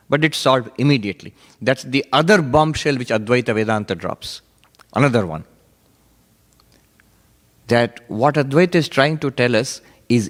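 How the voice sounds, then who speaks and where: A monk teaching in a reverberant hall. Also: male voice, medium pitch. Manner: animated storytelling, often laughing. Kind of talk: sermon.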